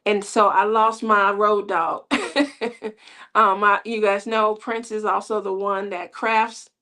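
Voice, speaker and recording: A woman's voice: mid-range voice, steady tone, slow, bright, forceful tone. A middle-aged woman hosting a crafting channel, chatting casually with viewers in a rambling way and laughing often.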